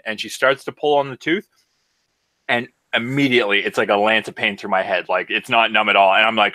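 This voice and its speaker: A man's voice: lowish voice, fairly even intonation, fairly quick, pushed and bright, no echo. A man co-hosting a podcast, telling an exasperated, profane story in casual chat. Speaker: podcast co-host.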